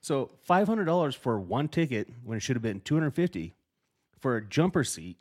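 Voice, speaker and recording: A middle-aged podcast co-host tells a story in a casual chat, his voice sitting in the mid range at a normal speed. He swears a lot and acts out the quotes with animated energy.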